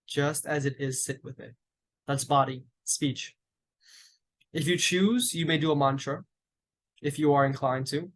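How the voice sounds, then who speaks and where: Calm man guiding a meditation. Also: fairly high pitch. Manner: slow, deliberate, with long pauses. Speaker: meditation teacher. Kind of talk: guided meditation instruction.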